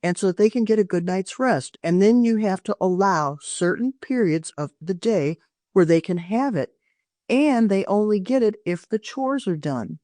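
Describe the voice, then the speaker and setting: Older woman, parenting expert guest, earnest and emphatic, mid-pitched, dry close sound. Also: expressive, normal speed, dark tone, dry recording. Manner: earnest, emphatic advice-giving with frequent restarts. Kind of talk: podcast interview.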